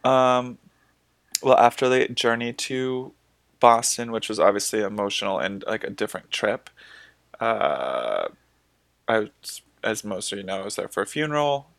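A man's voice: on the low side, animated, measured pace, gravelly, fairly bright tone, dry recording. A man co-hosting a podcast in casual chat, teasing and swearing freely. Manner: joking, profane, teasing. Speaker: podcast co-host.

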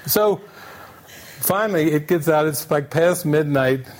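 Man telling a lively anecdote. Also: a little high, unhurried, a little hiss or hum. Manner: animated, repetitive storytelling, breaking into laughter. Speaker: retreat speaker. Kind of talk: storytelling anecdote at an online retreat.

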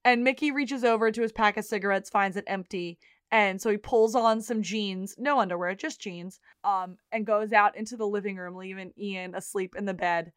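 A woman co-hosting a podcast, animated as she retells scenes in casual chat. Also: medium pitch, clear, resonant tone, no room sound, clean studio sound. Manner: animated retelling, quotes characters in quick bursts. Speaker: podcast co-host.

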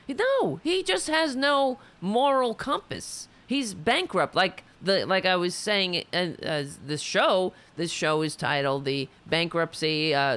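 A show host delivers a furious political rant, swearing freely and tripping over half-finished sentences. The voice is worn hoarse from all the shouting, and the host keeps getting excited again anyway. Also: mid-range voice. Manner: angry, profane, excitable, stumbling restarts. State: hoarse, losing the voice.

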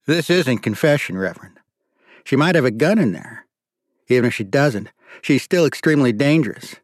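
A hard-nosed police captain speaks bluntly, with a growling, forceful edge, voiced by a male audiobook narrator. His words come out clipped and unyielding. The recording is dry and close. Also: mid-range voice, animated, moderate pace, dry recording, voice pushed up, lightly acted. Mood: stern.

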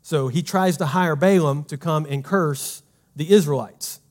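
A man preaching a sermon as pastor, emphatic and conversational, swinging from loud to hushed and asking the congregation questions. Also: on the high side, unhurried.

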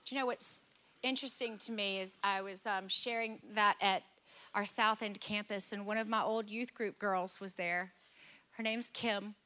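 A middle-aged woman pastor preaching a sermon, telling a personal story with lively, acted-out dialogue. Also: medium pitch, normal speed. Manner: animated, acts out dialogue in stories. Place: church service.

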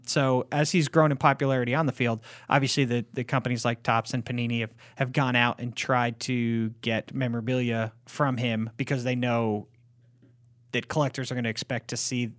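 A podcast host with a medium-pitched voice talks sports cards, mixing casual chat with a rundown of card prices. He speaks steadily and informatively, dropping many short affirmations, and the studio recording is clean with no echo.

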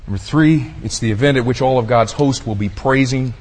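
Pastor preaching with folksy fervor. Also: male voice, mid-range voice, brisk. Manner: swings from hushed murmurs to loud shouted exclamations; folksy, addresses the audience as y'all and buddy. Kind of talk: sermon. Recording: husky voice with long hall reverb.

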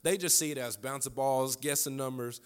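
A man's voice: medium pitch, moderate pace, clear, resonant tone. A preacher delivering a sermon who repeats lines for emphasis and chuckles his way through a family story.

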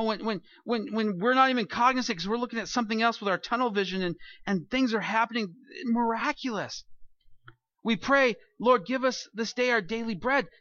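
A man preaching a sermon as pastor, animated, asking rhetorical questions and acting out quoted voices. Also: very high-pitched, no room sound, highs cut off.

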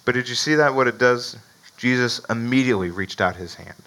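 A man's voice: medium pitch, fairly quick, bright, forceful tone, poor audio. A man preaching a sermon in a conversational way, often asking "right?" and chuckling between points. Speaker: pastor.

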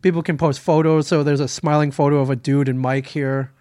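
A man co-hosting a casual chat, telling a story with halting restarts and reading aloud. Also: on the high side, steady tone, darkish tone, no echo, clean studio sound. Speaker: podcast co-host.

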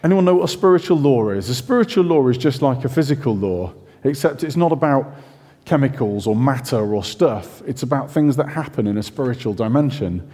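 A man preaching a sermon, his tone mellow and warm while his pitch rises and falls with lively expression. He talks in a chatty, self-questioning way with casual asides. His voice carries a long reverb from the church hall. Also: fairly quick.

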